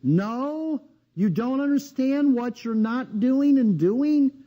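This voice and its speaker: A man's voice: very high-pitched, lively intonation, slow, lo-fi sound. A man giving a live seminar lecture in a blunt, needling way, firing rhetorical questions at his audience.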